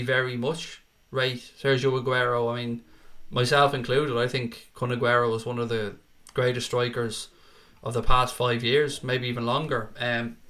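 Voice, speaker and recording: A young man hosts a football fan stream in a bright, forceful voice. He reads viewer comments aloud in an easy, chatty way and calls everyone mate or pal. His casual, informal delivery sounds like a live stream. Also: mid-range voice.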